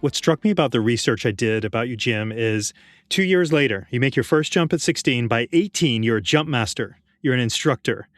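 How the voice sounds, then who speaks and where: A man's voice: medium pitch, animated, fairly quick, no echo, clean studio sound. A man hosting a podcast interview, asking well-prepared, admiring questions. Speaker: podcast host.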